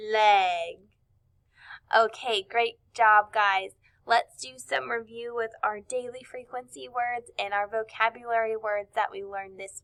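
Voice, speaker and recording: A woman teacher leading a recorded reading lesson, sounding out words slowly and clearly in an encouraging, upbeat tone. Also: fairly high pitch, bright, forceful tone, low-quality recording.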